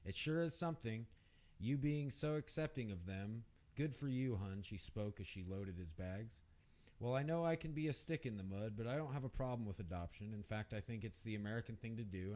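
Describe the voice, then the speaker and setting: A man reading a short story aloud on a radio show, lifting his voice for the women's lines. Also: darkish tone. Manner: reads aloud, raises pitch for the women's lines. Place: radio studio.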